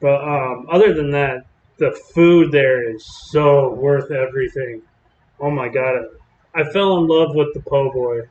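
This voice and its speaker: A man's voice: mid-range voice, unhurried, darkish tone, reverberant, dull audio. A man from Texas giving casual, rambling live-stream commentary on storms while chatting with viewers. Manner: chatty, rambling, drawling with fillers.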